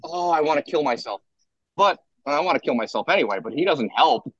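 A young man in his twenties co-hosting a sports podcast, ranting in an animated way with lots of restarts. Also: on the high side, fairly quick, breathy edge, dry recording, lo-fi sound. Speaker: podcast co-host. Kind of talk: casual sports talk.

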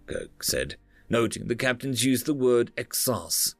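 Male storyteller, gravelly and animated, dry sound with faint music under. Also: mid-range voice, measured pace, no echo. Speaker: narrator. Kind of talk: storybook narration.

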